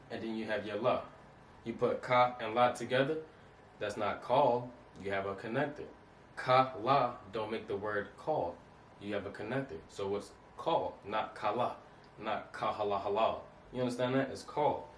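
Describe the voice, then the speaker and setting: A man's voice: on the low side, moderate pace. A man giving an informal lesson over slides, casual and repetitive, often checking that the listener understands. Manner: repetitive, keeps asking "you understand that?"; casual, street-style phrasing. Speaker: Hebrew teacher. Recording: roomy, distant mic, faint noise.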